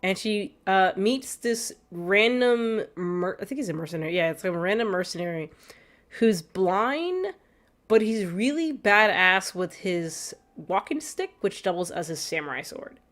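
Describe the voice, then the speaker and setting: A woman's voice: medium pitch, animated, unhurried, fairly bright tone. A woman streaming gameplay, chatting casually, laughing often and reading chat aloud. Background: faint background music.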